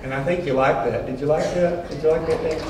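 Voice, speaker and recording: A man's voice: a little high, steady tone, fast, heavy background noise. Brief: male principal, folksy, emphatic, repeats lines, recorded distant in a reverberant assembly hall. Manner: folksy storytelling, emphatic repetition. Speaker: school principal. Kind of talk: assembly speech. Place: large school assembly hall. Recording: echoey hall from far off.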